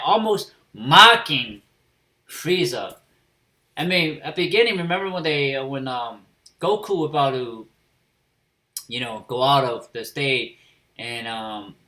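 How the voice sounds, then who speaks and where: Bright-voiced man in a casual profane review. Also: fairly high pitch. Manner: casual and profane, many fillers and restarts. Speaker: anime episode reviewer.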